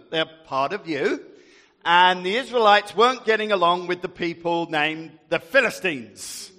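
Jovial, high-voiced man telling a story to a group. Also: sharp tone. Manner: jovial, chatty, laughs often. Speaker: storyteller leading a group activity. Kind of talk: interactive Bible storytelling to a group. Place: large hall with a group. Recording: echoey hall.

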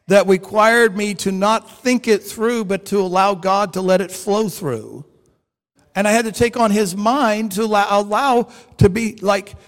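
A man preaching a storytelling sermon, animated and acting out the dialogue in his stories. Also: sits high. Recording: long hall reverb.

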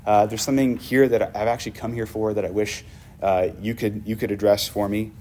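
An earnest young man who cannot walk, as a preacher acts him out pleads for his more immediate need. His voice is lowish and sincere. He sounds polite but pressing. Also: little pitch movement, brisk, a little mellow, a little hiss or hum, close to an everyday voice. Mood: pleading.

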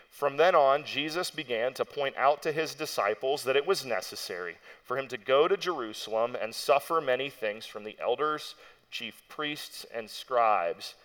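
A man's voice: mid-range voice, fairly bright tone. A young adult man giving a sermon as pastor, preaching in a conversational storytelling way with frequent asides to the listeners.

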